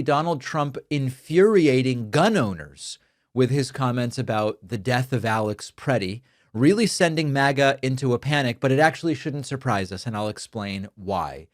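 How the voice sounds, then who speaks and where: A man's voice: mid-range voice, no echo, studio quality. A man hosting a political commentary show, speaking emphatically and argumentatively, whose first language is Spanish.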